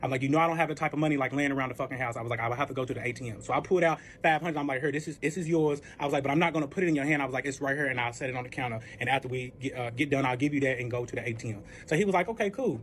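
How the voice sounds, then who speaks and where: This casual storytime features a man talking very fast with hardly any pauses, his medium-pitched voice fairly bright in tone. He swears freely, packs in filler words, and plays both parties in the conversation over slight background noise.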